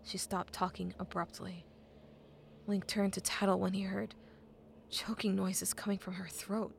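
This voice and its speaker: A woman reading a novel aloud as an audiobook narrator, measured and often dropping to a hushed half-whisper. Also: medium pitch, level tone, vocal fry, slight background noise.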